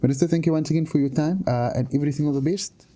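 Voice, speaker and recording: A man's voice: a little high, racing, mellow. A man hosting a radio interview, politely closing the segment with listener reminders. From South Africa. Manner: brief backchannels, polite formal sign-off. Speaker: radio show host.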